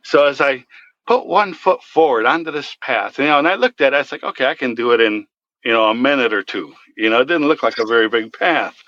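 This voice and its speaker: A man's voice: medium pitch, fairly bright tone, no echo. Earnest man recounting a dream, lo-fi. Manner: earnest, halting, many fillers. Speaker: guest telling his story. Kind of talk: personal storytelling.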